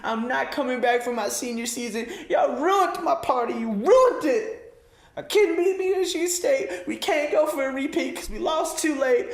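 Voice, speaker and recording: A man putting on the voice of a whiny, upset young football star, pitched high and complaining. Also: animated, normal speed, echoey room.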